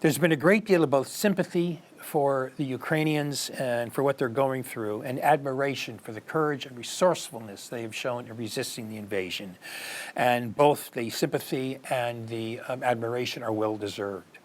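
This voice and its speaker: Man, news commentary host, scripted opinion, earnest, rhetorical questions, middle-aged, average pitch. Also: normal speed. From United States.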